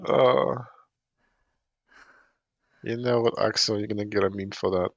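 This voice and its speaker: Gravelly man, deadpan mock trolling. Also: lowish voice, measured pace, no echo, dull audio. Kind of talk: casual group chat on a voice call.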